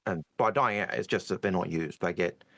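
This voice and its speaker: Low-voiced man, hesitant. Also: fairly quick, fairly bright tone. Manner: hesitant, many fillers. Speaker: podcast co-host. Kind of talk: casual chat.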